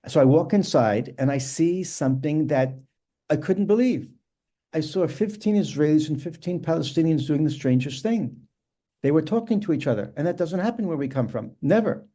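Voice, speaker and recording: A middle-aged man from New York, a rabbi telling his story as a guest in a podcast interview, in an earnest, measured way. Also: mid-range voice, dark tone.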